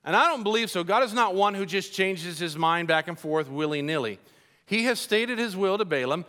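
Male preacher, animated sermon, folksy asides, bright tone, pitch a bit high.

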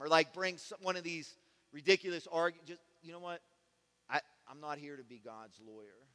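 Male pastor, sermon, bright and forceful tone, slightly high voice, long church reverb. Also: moderate pace. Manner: conversational preaching that swings from soft to loud and fervent.

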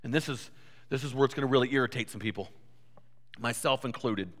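A man preaching a sermon in a church, telling stories in an animated way and often repeating his words. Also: medium pitch, brisk. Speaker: pastor. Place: church sanctuary. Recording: reverberant church hall.

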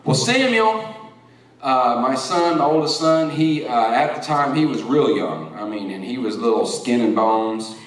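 A middle-aged man preaching a sermon, rambling through stories and then rising into forceful preaching. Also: mid-range voice, animated, a little slow. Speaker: pastor. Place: church sanctuary. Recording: echoey church hall from far off.

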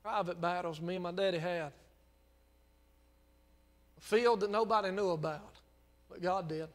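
Man, Southern US accent, pastor preaching, folksy storyteller turning fervent, high voice, long church-hall reverb. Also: normal speed. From Mississippi. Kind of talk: sermon. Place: church sanctuary.

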